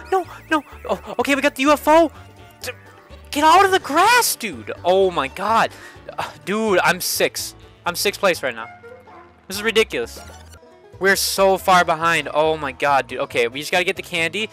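Young male streamer, bright high voice, game music underneath, cursing, repetitive play-by-play. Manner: frustrated, swearing, repeats himself. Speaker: gaming streamer. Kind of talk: live gameplay commentary. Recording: game music playing behind.

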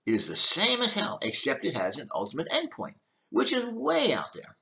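A man's voice: fairly high pitch, huge pitch swings, moderate pace, creaky, sharp tone, lo-fi sound. An older man, a deacon, giving an emphatic teaching talk with rhetorical questions. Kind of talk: teaching talk on church history.

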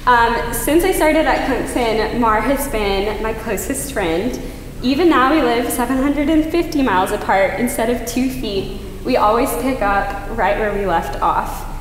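A woman's voice: a little high, unhurried, slight background noise. Heartfelt young woman in an echoey hall. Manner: heartfelt, many hesitant ums. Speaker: friend giving a toast. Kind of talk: rehearsal dinner toast. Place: large dinner venue. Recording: echoey hall, faint ambience.

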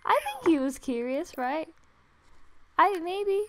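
A young woman giving casual, excitable commentary while playing a game late at night. She is tired but gushing and giggly, and often squeals. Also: very high voice, slow pace, slight background noise. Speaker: gaming video creator. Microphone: desktop USB microphone.

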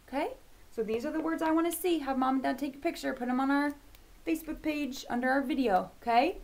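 A woman teaching a kindergarten video lesson, upbeat and encouraging, slowly sounding out letters for young children. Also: sits high, animated, vocal fry, a little mellow.

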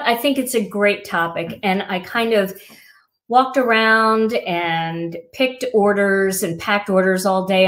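A woman's voice: mid-range voice, fairly bright tone. Chatty middle-aged woman hosting a livestream. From Wisconsin. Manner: chatty, reflective, many fillers. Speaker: crafting livestream host. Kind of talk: casual livestream chat.

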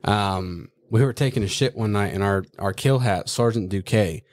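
A man's voice: fairly low pitch, normal speed, a little mellow. Profane storytelling man. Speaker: former Marine guest. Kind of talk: casual podcast chat.

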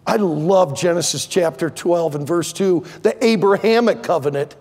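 Older male pastor, high lively voice, preaching in a big echoing sanctuary. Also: moderate pace. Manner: impassioned, swings from loud pleading to low asides. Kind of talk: sermon. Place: large church sanctuary.

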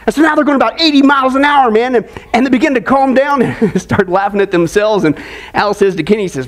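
High-voiced pastor telling a joke story, playful, keeps the crowd involved. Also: male voice, quick pace. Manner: animated, joking, draws in the audience. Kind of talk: sermon storytelling.

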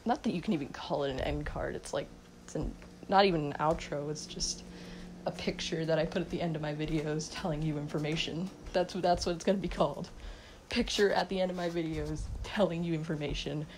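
Teen girl, slightly low voice, sleepy unscripted phone ramble, giggles a lot, faint background hiss. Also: darkish tone, poor audio. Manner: giggly, self-mocking, mumbling. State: sleep-deprived, up all night. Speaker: vlogger. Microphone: phone mic.

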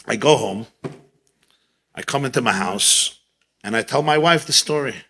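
Forceful, bright-voiced rabbi telling a story. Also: male voice, medium pitch, moderate pace, slightly rough. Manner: lively storyteller, repeats key phrases for emphasis. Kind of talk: animated storytelling talk at a gathering.

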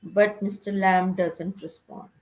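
A woman's voice: medium pitch, fairly even intonation, slow pace, rough recording. A woman, teaching a recorded lesson and asking her students rhetorical questions. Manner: explanatory, asks rhetorical questions. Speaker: English teacher. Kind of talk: recorded lesson explaining a play.

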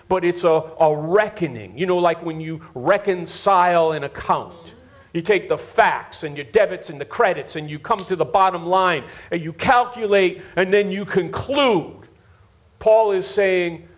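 A man with a high voice preaches in an unhurried way, leaning on repeated words to drive each point home. He speaks straight to the congregation in front of him, asking whether they are following along. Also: expressive. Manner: repeats words for emphasis, talks to the congregation directly. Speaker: pastor. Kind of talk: sermon. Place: church before a live congregation.

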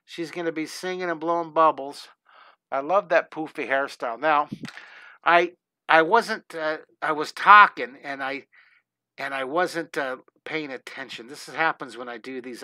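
A middle-aged man hosts a live-streamed drawing lesson, chatting eagerly and rambling as he sketches. His voice is fairly high and bright with an edge of tension. The sound is dry and close, with no room echo. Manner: enthusiastic, gushing, talks while drawing, many restarts.

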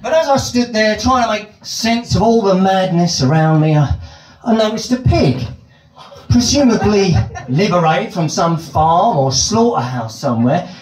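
A man's voice: high-pitched, expressive, measured pace, reverberant, low-quality recording. A British man doing stand-up comedy, telling a long story in elaborate, ironic phrasing on a club stage with a handheld mic.

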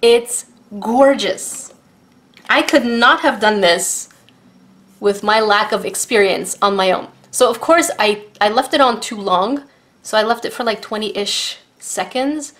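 A woman reviewing art supplies in a casual unboxing vlog, gushing and excitable as she talks to her viewers. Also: a little high, unhurried.

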